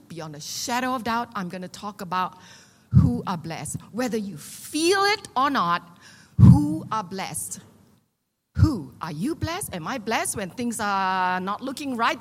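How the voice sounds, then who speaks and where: A woman in her sixties delivers a sermon in a fairly high, very lively voice that swoops up and down. She keeps putting questions to the congregation and slipping in little jokes. The sound rings with the long reverb of a large hall. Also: measured pace. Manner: animated, questions the congregation, joking asides. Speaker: preacher.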